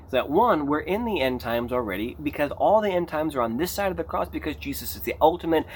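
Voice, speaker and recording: Male pastor preaching off the cuff, expressive delivery with big pitch swings, faint hiss behind. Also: quick pace. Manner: animated, emphatic, rising to a near shout on key points. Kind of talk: unscripted sermon.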